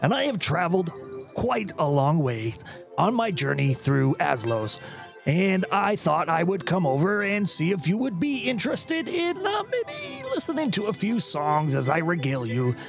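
A boastful, showy dwarf bard speaks with a gravelly, slightly high voice, as a man puts him on. His manner is grand and theatrical. Faint music plays behind him. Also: huge pitch swings, moderate pace, exaggerated voice. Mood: grandiose.

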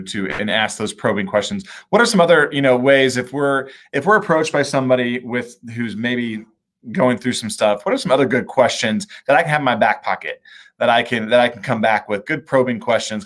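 A man's voice: mid-range voice, a little fast, fairly bright tone. A man from Indiana hosting a video-call conversation, talking casually and candidly with fillers and restarts. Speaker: mayor, show host.

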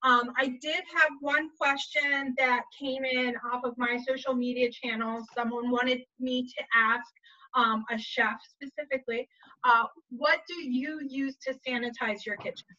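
A woman's voice: sits high, fairly even intonation, unhurried, pushed and bright, far from the mic, highs cut off. A woman hosting a cooking segment, upbeat and encouraging, reacting with praise and passing on viewer questions. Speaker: host.

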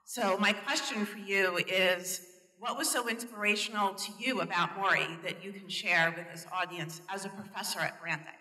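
Chatty woman asking a question, bright tone, far from the mic, big echoey room. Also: mid-range voice, normal speed. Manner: friendly, chatty, laughs easily. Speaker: audience questioner. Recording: distant mic in echoey hall.

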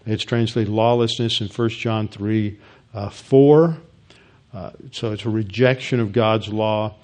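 A male pastor teaching a Bible lesson in an explanatory way, with frequent halting restarts. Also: on the low side, steady tone, darkish tone.

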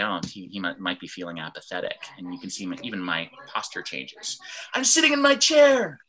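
A man teaching an online fitness class over a video call, explaining ideas calmly and acting out example sentences in different tones. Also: deep voice. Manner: animated, acts out example sentences in varied tones. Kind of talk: online class lecture with screen share.

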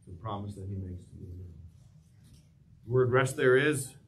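A man's voice: on the low side, normal speed, recorded from a distance, a little hiss or hum. A male pastor preaching a sermon in a church. He asks the congregation questions and waits for their answers. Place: church sanctuary.

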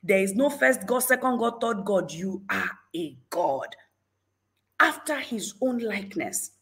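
A woman hosting a livestream, giving an animated, exclamatory faith talk and greeting viewers in the chat. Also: mid-range voice, a little slow. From Nigeria. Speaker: livestream host.

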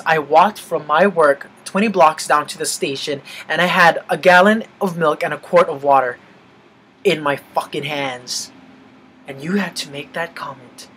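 Young man, husky voice, animated swearing rant, casual vlog delivery. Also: on the high side, low-quality recording. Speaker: vlogger.

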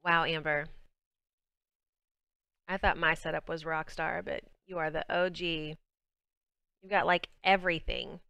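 A woman's voice: sits low, fairly even intonation, normal speed, vocal fry, long pauses, pushed and bright, clear, resonant tone, no room sound. A young woman with a Southern US accent hosting a game livestream, chatting casually and bubbly with viewers as she plays. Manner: chatty, bubbly, talks to chat while playing. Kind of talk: casual game stream chat.

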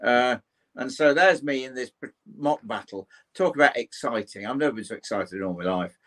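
A man's voice: medium pitch, expressive, a little fast, a bit bright. An older Englishman, a historian and paranormal investigator, telling a personal ghost story in an interview, acting out the voices of the people in it and swearing mildly now and then. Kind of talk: animated storytelling in conversation.

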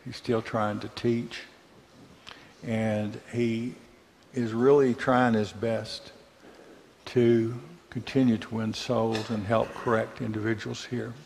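A man from Mississippi with a Southern accent, teaching a church Bible class in a conversational way, asking the class questions and pausing on fillers. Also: medium pitch, flat delivery, creaky, darkish tone, in a large hall, a little hiss or hum.

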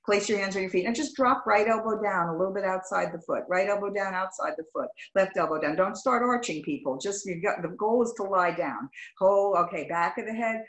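A woman yoga teacher runs a live class over a video call, firing off short, clipped commands at a medium pitch. The sound is echoey, as if she is in a reflective room. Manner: brisk rapid-fire commands in short clipped phrases; affectionate, greets students warmly by name. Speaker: yoga instructor. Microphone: video call microphone.

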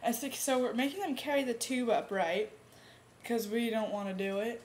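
Brief: woman vlogger, casual chat, rambling and animated, pitched a bit high. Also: a little hiss or hum. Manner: rambling animated storytelling, bursts of fast talk.

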